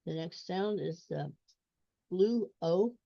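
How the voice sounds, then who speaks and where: Slow and mellow, with a creaky edge, this woman's lowish voice guides a reading lesson on screen, repeating sounds and words. There's no room sound, and the lo-fi recording is dull.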